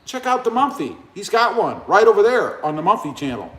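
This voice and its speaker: A man hosting a casual live stream, rambling and joking as he reads out comments. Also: a little fast. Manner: rambling, joking, lively pitch swings. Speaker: livestream host. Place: indoor room, 88 degrees. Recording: echoey room.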